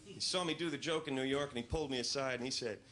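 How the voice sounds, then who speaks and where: A male stand-up comedian telling stories in a deadpan, incredulous way on a club stage into a handheld mic. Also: mid-range voice, fast talker. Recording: loud audience noise, live club.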